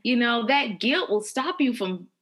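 A woman's voice: on the high side, expressive, a little slow, fairly bright tone. A middle-aged woman hosting a candid conversation, openly emotional and laughing as she speaks about parenting guilt. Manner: emotional, open, laughing, admits near tears.

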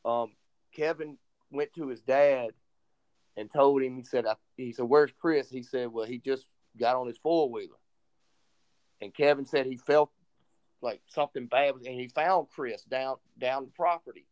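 Guy on a podcast telling a story, gets animated, voices the people he quotes. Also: mid-range voice, moderate pace, clean tone. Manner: animated retelling, acts out quoted dialogue. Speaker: podcast co-host. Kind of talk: casual storytelling chat.

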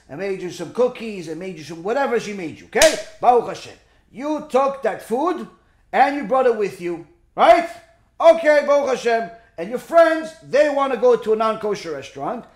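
A man giving an informal religious lesson through a story, checking in with his listeners by asking "okay?" and "right?". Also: extremely high pitch. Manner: animated, peppers points with "okay?" and "right?". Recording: echoey room.

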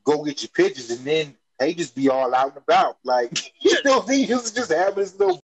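A man's voice: fairly high pitch, sing-song, moderate pace, slightly rough, poor audio. A man co-hosting a casual chat, joking and reminiscing with a laid-back manner.

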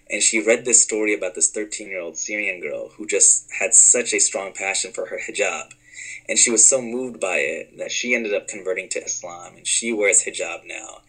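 A man telling a long story as an interview guest, lively and acting out the dialogue. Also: lowish voice, poor audio. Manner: animated, acts out dialogue in the story. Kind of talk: conversational storytelling.

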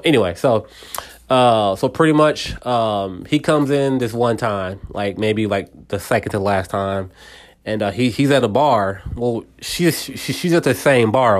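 A man hosting a casual solo podcast, retelling a movie scene in a rambling way with many repeats. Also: on the low side. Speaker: podcast host.

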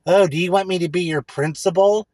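A man's voice: high voice, a little fast, a little mellow, dry recording, voice pushed up. A man putting on the voice of a douchey middle-aged male coworker who tries to sound cool, drawling and fake-casual. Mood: creepy.

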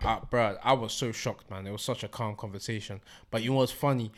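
A man's voice: fairly low pitch, fairly even intonation, a little fast. A young man telling a story in casual chat among friends, slangy and laughing often.

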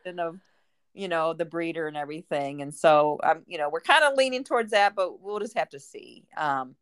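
A middle-aged woman talks casually, rambling with plenty of fillers. Her voice sits a little low. The recording is dry and close. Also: normal speed, smooth, no echo. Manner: chatty, rambling with many fillers. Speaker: guest. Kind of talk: casual chat.

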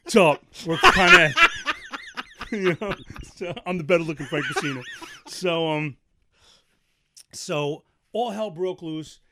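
A man's voice: on the high side, measured pace, pauses often. A middle-aged man from Brooklyn, telling a rambling, profane story as a podcast host and laughing often. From Brooklyn, New York. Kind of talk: casual chat, storytelling.

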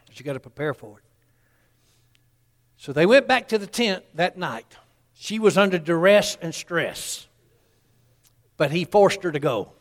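A man's voice: high-pitched, animated, a little slow, pauses often, in a large hall. A man, preaching a sermon in a folksy storytelling way and acting out the people in his story.

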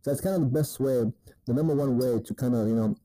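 A man's voice: medium pitch, quick pace, dark tone, slight background noise, low-quality recording. A man giving laid-back, profane dating advice in a rambling casual monologue, often asking "you know what I mean".

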